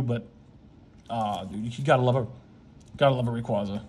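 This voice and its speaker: A man's voice: medium pitch, fairly quick, pauses often, darkish tone, husky. A man hosting a casual card-opening chat with a friend, joking and teasing while calling out the cards. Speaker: channel host.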